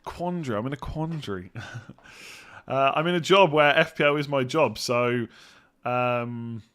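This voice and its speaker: A man's voice: medium pitch, unhurried, fairly bright tone, clear, resonant tone. An English man hosting a live stream, answering viewer questions and thinking aloud in a rambling, casual way. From England. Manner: rambling, thinks aloud, hums while reading. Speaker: fantasy football streamer.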